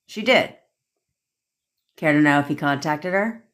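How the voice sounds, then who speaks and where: A young woman with a low, deep-set voice rants to her livestream viewers, talking bluntly and swearing freely. She laughs often between points and speaks into her phone. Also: unhurried, a bit bright. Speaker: manifestation coach. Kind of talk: livestream rant.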